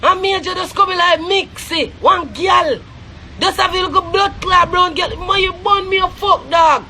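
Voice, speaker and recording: A Jamaican man on a live stream, ranting angrily with shouting and heavy swearing. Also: very high-pitched, moderate pace. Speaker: social media live streamer. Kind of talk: angry live-stream rant.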